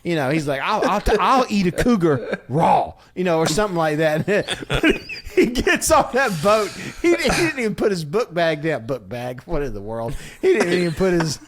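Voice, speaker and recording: A man on a comedy podcast, telling stories with his voice pitched a little high. He jumps in and out of playful impressions and breaks into laughter often. The talk is loose and casual. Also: normal speed, hardly any pauses. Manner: animated storytelling with frequent laughter and acted-out quotes. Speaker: podcast co-host.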